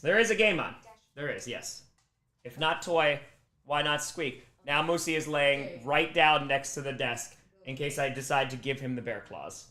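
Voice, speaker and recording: A man's voice: medium pitch, normal speed, sharp tone. A man hosting a charity livestream from home, chatting casually, fondly scolding his dog and thanking donors. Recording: roomy echo.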